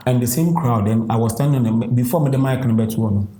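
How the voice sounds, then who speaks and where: A Ghanaian man from a music duo recalls his past in an interview, halting and repeating words as he talks. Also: mid-range voice, echoey room, very noisy. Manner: halting, repeats words, mixes English and Pidgin. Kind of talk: storytelling interview.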